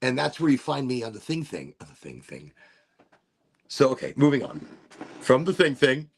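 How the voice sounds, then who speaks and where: A playful middle-aged man talks through a livestream demonstration with a gravelly, slightly husky voice. His pitch sits a little high and swings about a lot as he jokes and explains. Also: very animated, moderate pace. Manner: playful, breaks into silly voices and asides. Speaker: streamer demonstrating a vaporizer.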